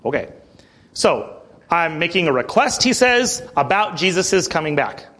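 A man's voice: a little high, very animated, measured pace, fairly bright tone. A man preaching a sermon in a conversational way, breaking down scripture with asides and acted quotes. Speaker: pastor.

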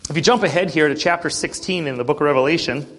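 A man with a slightly higher voice leads a morning Bible class in an easy, conversational way. He clears his throat often and checks in with his listeners, asking "okay?" and "right?". When he reads scripture, he slows down to lean on the key words. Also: fairly bright tone. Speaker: Bible study teacher.

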